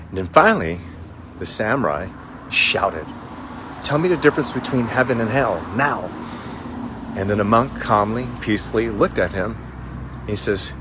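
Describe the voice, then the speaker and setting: A man coaching his audience with a calm, reflective story, talking softly and pausing often with fillers. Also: deep voice, a little hiss or hum. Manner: soft, relaxed, reflective, many fillers. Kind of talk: spiritual storytelling talk.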